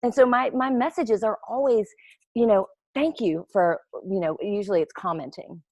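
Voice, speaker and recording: A woman's voice: mid-range voice, moderate pace, dry recording, dull audio. A woman, a network marketing recruiter talking casually and animatedly to her team. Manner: chatty, animated storyteller with playful quoted voices. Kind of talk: casual webinar talk.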